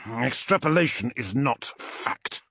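A man voicing a towering armored male warlord, cold and calculating, with a measured, growling delivery in an audiobook. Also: mid-range voice, expressive, a bit bright, breathy edge, no echo, clean studio sound, voice pushed up.

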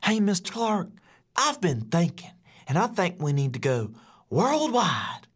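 A man's voice: high-pitched, very animated, a little slow, slightly rough, voice pushed up, exaggerated voice. A man doing an eager small-town schoolboy. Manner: eager, pleading. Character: earnest small-town boy student.

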